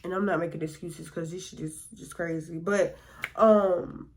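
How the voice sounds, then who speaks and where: A woman's voice: on the low side, steady tone, normal speed, a little hiss or hum. Rambling, profane woman telling a story. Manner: rambling, profane, filler-heavy. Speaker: storytime vlogger. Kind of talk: casual storytelling.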